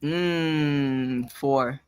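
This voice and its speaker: A woman co-hosting a casual chat, chatty with quick reactions. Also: very deep voice, darkish tone, clear, resonant tone, no room sound. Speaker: podcast co-host.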